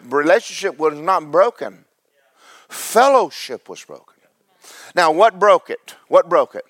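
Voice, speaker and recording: Male pastor, high voice, dry close mic; fervent sermon with quiet joking asides. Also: no room sound. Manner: preaches with big swings from loud highs to low asides, joking with the congregation. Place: church sanctuary.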